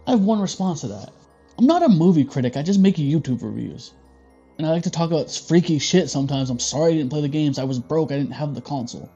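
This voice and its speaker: A man's voice: on the high side, quick pace, husky, muffled recording, faint music behind. A man hosting a casual movie review, joking and swearing freely. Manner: profane, joking, animated.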